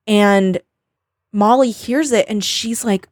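A woman's voice: mid-range voice, slow pace, a little mellow, no room sound, studio quality. A woman in her thirties casually recapping a novel's plot as a podcast co-host, rambling, swearing and quoting characters. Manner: rambling plot summary with quoted voices and swearing. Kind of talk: casual book recap chat.

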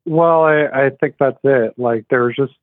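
A man's voice: mid-range voice, moderate pace, no echo. A man calling into a radio show, talking thoughtfully and searching for words. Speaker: radio caller. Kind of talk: casual call-in chat. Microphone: telephone. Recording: tinny phone line.

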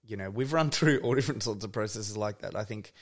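A man's voice: on the low side, fast talker. A young man, a guest on a podcast, talking in loose casual chat full of "like" fillers. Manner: loose and chatty, with many "like" fillers.

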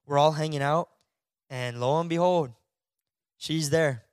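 A man's voice: fairly high pitch, unhurried, smooth, no echo, clean studio sound. Chatty young man telling a story. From Florida, US. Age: young adult. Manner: animated storyteller, acts out voices, lots of "bro" and "like". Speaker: podcast co-host. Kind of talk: casual storytelling chat.

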